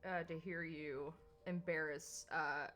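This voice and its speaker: A woman's voice: sits low, steady tone, slow, a bit bright. A woman streaming a visual novel, chatting casually with hesitant fillers and restarts. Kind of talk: casual gaming chat. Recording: faint background music.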